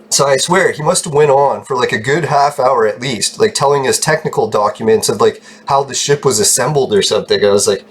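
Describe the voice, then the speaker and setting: A man telling a long rambling story in a casual vlog, swearing freely, getting excited and laughing often. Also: medium pitch, moderate pace, slightly rough. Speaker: channel host telling a story.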